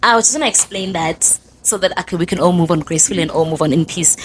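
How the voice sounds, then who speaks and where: A young woman with a South African Zulu accent, hosting a podcast and telling her story in a casual, animated monologue. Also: fairly low pitch, racing, a little hiss or hum, low-quality recording. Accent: South African, Zulu-speaking. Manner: chatty, code-switching, animated storyteller. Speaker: podcast host.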